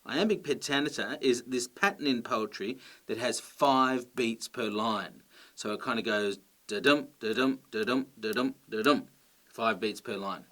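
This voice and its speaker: A man teaching a grammar lesson, explaining clearly and patiently and checking in with his listeners. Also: medium pitch, measured pace, fairly bright tone.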